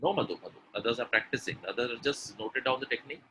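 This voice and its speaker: A man's voice: mid-range voice, fast talker, bright, forceful tone, slight background noise, low-quality recording. A man with an Indian English accent teaching pronunciation in a live online webinar, drilling sounds by repetition. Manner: drills sounds by repeating them, urges chat replies. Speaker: spoken English trainer.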